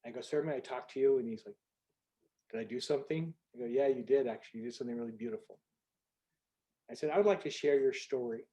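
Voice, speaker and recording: An older man telling a personal story on a group video call in an earnest, conversational way, going soft at the moving parts. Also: medium pitch. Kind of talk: storytelling talk.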